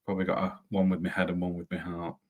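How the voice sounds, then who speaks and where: A man's voice: low-pitched, completely flat delivery, fast, a little mellow. A man on a football podcast panel, musing and hedging in a rambling way with many tag questions. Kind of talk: casual football podcast chat.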